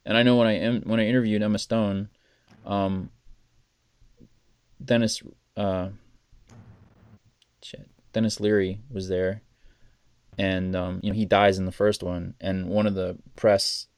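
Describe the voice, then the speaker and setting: A man's voice: lowish voice, clear, resonant tone, dry recording, studio quality. A man hosting a casual podcast chat, telling stories animatedly, acting out quotes, laughing often and swearing. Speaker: podcast host.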